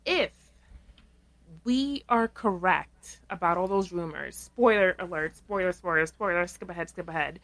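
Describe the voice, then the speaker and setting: A woman co-hosting a casual podcast, recapping a reality show with lively swearing and voicing the people she quotes. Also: measured pace. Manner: animated, acts out quoted people in shrill voices, laughs, swears. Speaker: podcast co-host.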